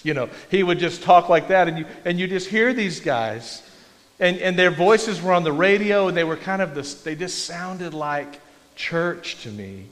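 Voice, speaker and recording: A man's voice: sits high, lively intonation, moderate pace, a bit bright. A man preaching a conversational, self-deprecating sermon in a church. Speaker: pastor. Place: church sanctuary. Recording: long reverb of a large hall.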